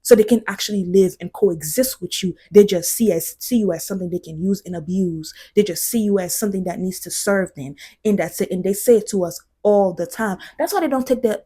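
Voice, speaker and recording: Husky, passionate woman vlogger. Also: medium pitch, fairly quick, few pauses, mellow. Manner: passionate, emphatic, drops to near whispers for emphasis. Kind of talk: casual commentary to camera.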